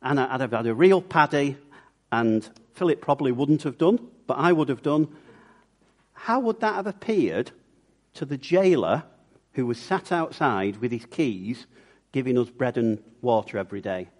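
A man's voice: medium pitch, normal speed. A man preaching a sermon and telling stories, acting out the voices of the people in them. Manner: lively storyteller acting out quoted voices. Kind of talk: sermon with storytelling.

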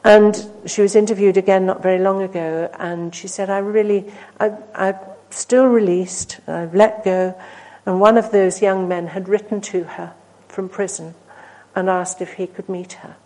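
A woman preaching a sermon, earnest and storytelling, swinging from emphatic peaks to hushed, near-whispered asides. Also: medium pitch, steady tone, normal speed, hardly any pauses, poor audio. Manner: earnest, rising to emphatic then dropping to hushed.

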